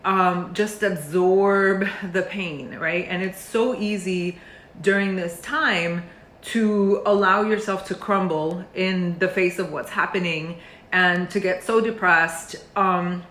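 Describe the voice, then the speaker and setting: A woman's voice: fairly low pitch, takes it slowly, fairly bright tone, slight background noise. Earnest woman speaking in a roomy space. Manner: earnest and emotional, with many fillers and restarts. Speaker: meditation teacher. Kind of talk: heartfelt talk to camera. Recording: roomy echo.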